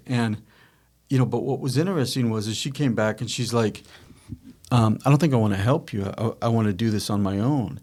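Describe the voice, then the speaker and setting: Middle-aged male podcast host, rambling storyteller, even mid-range voice. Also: mid-range voice, brisk. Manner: rambling, self-correcting, acts out quoted dialogue. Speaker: podcast host, company founder. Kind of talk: casual storytelling chat.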